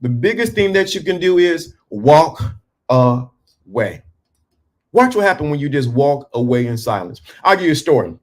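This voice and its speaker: A man giving a motivational talk to men, speaking emphatically and dropping to a hushed, calm tone for effect. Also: a little high, normal speed.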